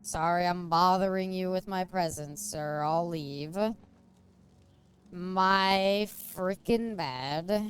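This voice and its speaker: A woman's voice: on the low side, slow pace, clean tone. Woman streamer, giggly, rambling casual chat, faint music behind. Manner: giggly, rambling, crude jokes.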